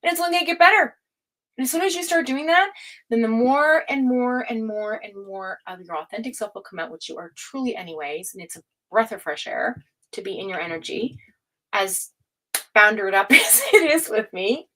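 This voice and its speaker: A woman with a fairly high voice gives a casual livestream tarot reading from home. She talks in an excitable rush, swears freely and laughs often. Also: normal speed, poor audio. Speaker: tarot reader.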